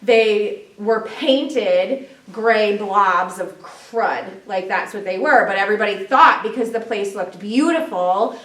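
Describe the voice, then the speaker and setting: A woman's voice: mid-range voice, slow, hardly any pauses, a bit bright, far from the mic. A woman presents to a group in a loose, chatty way, full of "like" and "um". She is recorded from across an echoey room. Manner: chatty, with fillers like "like" and "um". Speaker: presenter at a health meeting. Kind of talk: casual talk to a group.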